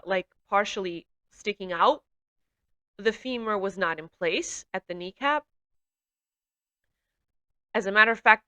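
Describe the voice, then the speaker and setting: A woman recounts a personal testimony in a bright, clear-toned voice. She speaks earnestly and haltingly, with fillers and restarts. Her telling is heartfelt and emotional. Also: mid-range voice, highs cut off. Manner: grows emotional while recounting.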